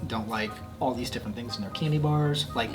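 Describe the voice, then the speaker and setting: Dry-witted vlogger, mid-pitched, casual banter. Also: a little fast, music in the background. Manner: dry, wry humor. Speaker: vlog co-host. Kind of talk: casual candy-tasting chat.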